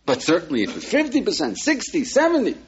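A man's voice: high voice, huge pitch swings, fast, lo-fi sound, slight background noise. A man, a rabbi, lecturing an audience with emphasis and frequent rhetorical questions. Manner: emphatic, peppers talk with rhetorical questions to listeners.

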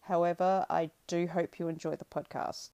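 A woman hosting a podcast in casual chat, hesitant with many pauses and fillers. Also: lowish voice, little pitch movement, mellow, smooth, dry recording. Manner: hesitant, lots of ums, giggly. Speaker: podcast host.

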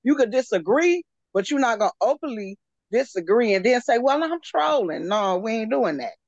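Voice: medium pitch, animated, a little fast, no echo. Blunt guest on a dull lo-fi line. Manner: firm, blunt, profane. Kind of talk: casual commentary chat.

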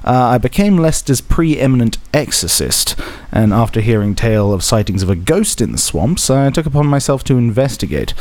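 A man's voice: medium pitch, sing-song, brisk, hardly any pauses, a little mellow. A man hosting a tabletop role-playing podcast as game master, chatty and joking, laughing often. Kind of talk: casual tabletop podcast chat.

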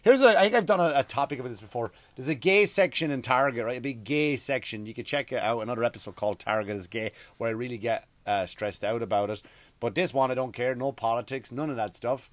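A man's voice: medium pitch, fast, dry recording. A middle-aged man from Ireland with an Irish accent, hosting a comedic rant podcast in a crude, rambling, profane way. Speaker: podcast host.

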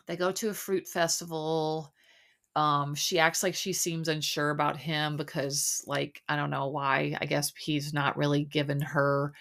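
A woman's voice: deep voice, fairly bright tone. A woman hosting a podcast, chatting casually and rambling with lots of fillers. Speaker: podcast host. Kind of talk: casual chat recapping a reality show.

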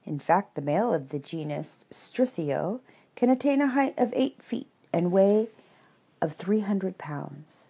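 A woman's voice: fairly low pitch, expressive, a little slow, creaky, mellow, husky, exaggerated voice. A woman reading a story, voicing a pedantic male owl who lectures the others. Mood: lecturing. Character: pompous know-it-all male owl.

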